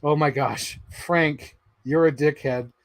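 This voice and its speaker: A man in his thirties hosts a livestream, reading his yearbook signings aloud while laughing, swearing and wandering off topic, a bit out of breath. His voice is a little high and steady, slow, with no echo.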